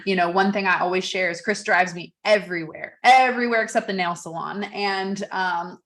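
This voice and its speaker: A woman's voice: medium pitch, steady tone, moderate pace, a bit bright. A woman hosting a podcast in a candid, loose way, now and then swearing casually. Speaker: podcast host.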